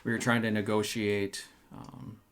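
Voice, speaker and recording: A man with a low voice talks very slowly as a player in a tabletop game. His speech is hesitant and halting, full of ums, with faint hiss behind it. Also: level tone. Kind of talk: in-character tabletop play.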